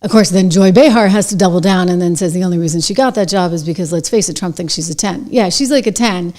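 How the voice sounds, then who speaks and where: A middle-aged woman hosting her own show, delivering brisk, sarcastic, conversational commentary on the news. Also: on the low side, darkish tone. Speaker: show host. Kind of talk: opinionated commentary.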